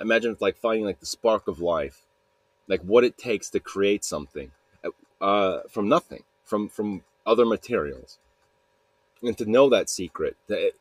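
A man's voice: lowish voice, no echo. A man hosting a podcast, retelling a story in a loose, rambling way, full of restarts and fillers. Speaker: podcast host.

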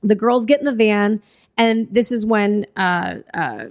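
A woman in casual chat, telling a film plot with lively retelling and frequent swearing. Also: medium pitch, unhurried. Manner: animated storytelling, swears freely, acts out quotes. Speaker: podcast co-host recapping a film.

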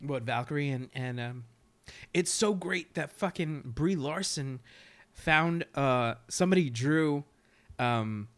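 A man's voice: fairly high pitch, a bit bright. Laughing man in crude fan chat. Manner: laughing, crude, fast joking asides. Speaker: podcast co-host. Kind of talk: casual chat.

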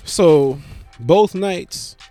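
Man, young adult, stand-up comedian, sleepy, yawning, profane, self-mocking, slow-paced, faint music behind. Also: high-pitched, mellow. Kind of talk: late-night casual monologue.

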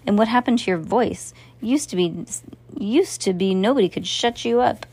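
A woman's voice: medium pitch, normal speed, darkish tone, husky. A woman voicing a tall, skinny male clown who cracks cheeky jokes, reading a storybook. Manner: joking, cheeky.

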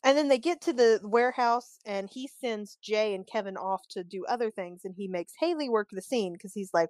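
A woman co-hosting a casual podcast, recapping a TV episode in a chatty, animated way and acting out the characters' lines. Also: mid-range voice, moderate pace, hardly any pauses, dry recording, studio quality. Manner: chatty and animated, acts out quoted lines, openly annoyed. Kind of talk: casual chat.

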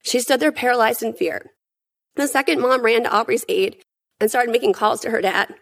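A woman giving prepared testimony at a hearing, in an earnest, emphatic and measured way. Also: a little high, fairly even intonation, vocal fry.

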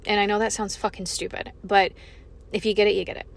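A young woman hosting her own podcast, talking frankly and emphatically, swearing freely as she opens up about feeling low. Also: flat delivery, quick pace, vocal fry. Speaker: podcast host. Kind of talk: candid solo podcast monologue.

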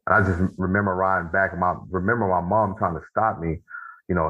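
A man guest and author telling his story in earnest, casual conversation, slowing down to stress his points. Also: deep voice, fairly even intonation, husky. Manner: earnest storytelling, slows for emphasis. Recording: phone-like narrow band.

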